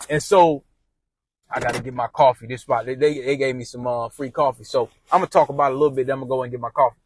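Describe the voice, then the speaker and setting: A man's voice: medium pitch, fairly even intonation, fast, slight background noise. A man telling a rambling personal story casually, repeating and restarting phrases as he goes.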